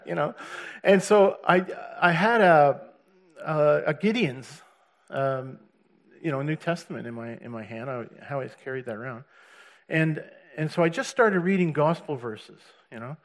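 A man recounting his conversion and street preaching in an earnest, animated way, often stopping to laugh. His voice sits a little high for a man. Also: moderate pace. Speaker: churchgoer giving his testimony. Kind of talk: personal testimony, storytelling.

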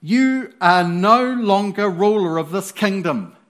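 A man's voice: sits high, lively intonation, takes it slowly, fairly bright tone, full character voice. A man voicing the commanding voice of God calling down from heaven, solemn and proclaiming.

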